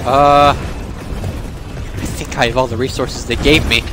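A man streaming a horror game, commenting in an excitable way, swearing and yelping at scares. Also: mid-range voice, slow pace. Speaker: gaming streamer. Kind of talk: let's play commentary. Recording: game sounds and music behind voice.

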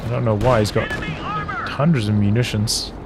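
A man giving rapid play-by-play commentary on a strategy game as its caster, with exasperated outbursts. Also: on the low side, steady tone, loud music behind the voice. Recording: noisy game audio underneath. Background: game sounds: gunfire, artillery, vehicles.

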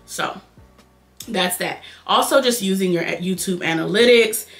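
Fast-talking nasal Detroit woman. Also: mid-range voice, fairly bright tone, faint music behind. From Detroit, Michigan. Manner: fast-talking, chatty, addresses viewers as y'all. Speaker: beauty vlogger. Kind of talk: casual chat while doing makeup.

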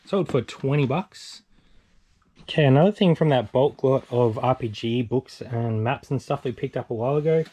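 A man's voice: mid-range voice, normal speed, warm tone, breathy edge. A young Australian man co-hosting a reselling vlog, chatting matter-of-factly through items and prices. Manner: chatty, matter-of-fact listing of sales. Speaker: eBay reseller co-host. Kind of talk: casual vlog walkthrough.

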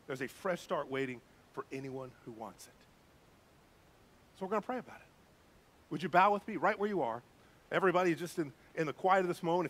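A man preaching as a pastor, telling a quiet story and building to fervent preaching before leading a prayer. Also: on the high side. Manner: swings from hushed storytelling to rising fervent preaching. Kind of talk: sermon with story and closing prayer. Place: church sanctuary.

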